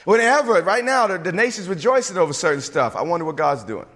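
Animated high-voiced male preacher. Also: fast talker, long reverb tail. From suburbs. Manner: animated, emphatic, with asides and repeated restarts. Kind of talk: sermon.

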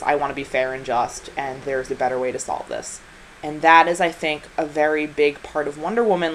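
Brief: deep-pitched woman co-host, emphatic, heartfelt casual review talk. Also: a little hiss or hum, low-quality recording. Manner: passionate, emphatic, repeats for stress. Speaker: podcast co-host. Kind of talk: casual film review chat.

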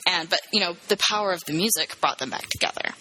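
Bright, animated woman retelling a movie. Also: fast, a little hiss or hum, low-quality recording. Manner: animated storytelling, acts out characters in a higher voice. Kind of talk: casual movie recap chat.

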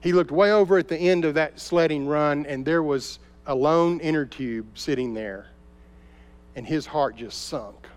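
A man preaching a sermon as a pastor, telling a story and dropping to soft, intense tones at key moments. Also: a little high, a little slow. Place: church sanctuary. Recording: long reverb of a large hall.

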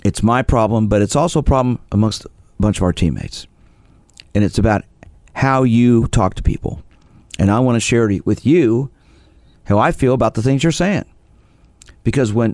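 A man's voice: mid-range voice, moderate pace, pauses often, darkish tone, no echo, studio quality. A middle-aged man hosting a sports psychology radio show, telling client stories in a loose, conversational way with many restarts. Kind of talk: radio talk show monologue.

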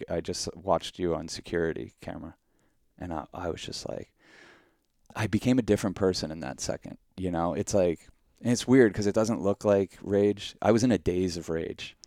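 A man's voice: low-pitched, normal speed, mellow, dry recording, clean studio sound. A man, a podcast co-host telling a rambling, profane story full of "like" and mock-outraged quotes. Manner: rambling, heavy use of "like". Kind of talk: casual storytelling.

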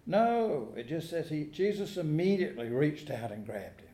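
A man's voice: fairly high pitch, sing-song, moderate pace, mellow. A man preaching a sermon as pastor, telling stories with dry humor and asking the congregation questions. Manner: folksy storytelling with dry humor and rhetorical questions. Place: church sanctuary. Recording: echoey church sanctuary.

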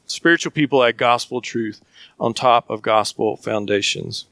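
A man's voice: mid-range voice, moderate pace, sharp tone, no echo, studio quality. A man with a Southern US accent preaching a sermon as a pastor, earnest and emphatic, often asking questions.

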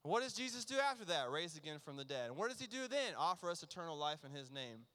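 A man preaching a sermon as pastor, earnest and emphatic, sometimes dropping to a near hush. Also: a little high, sing-song, fast talker. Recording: long reverb of a large hall.

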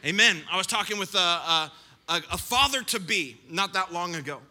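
High, bright-voiced man preaching in a reverberant hall. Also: fairly quick. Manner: animated storyteller, playful self-mocking asides. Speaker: pastor. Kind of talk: sermon.

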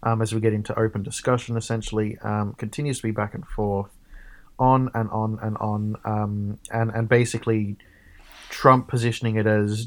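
Halting, lower-voiced man commentator. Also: little pitch movement. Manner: halting, many ums and restarts, thinking aloud. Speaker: co-host reacting to a debate. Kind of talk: casual commentary chat.

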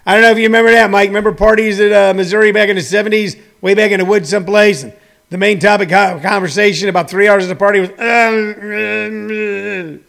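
A man's voice: sits high, steady tone, racing, creaky, fairly bright tone. A man in his sixties who runs a comedy school, talking in a rambling, joking monologue full of fillers. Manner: meandering, joking, many fillers.

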